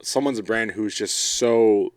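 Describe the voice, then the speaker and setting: A man who is a guest on a podcast, answering questions in short, relaxed replies. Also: lowish voice, slow pace, dry recording, studio quality. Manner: short, laid-back answers. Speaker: guest, streamer. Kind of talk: casual interview chat.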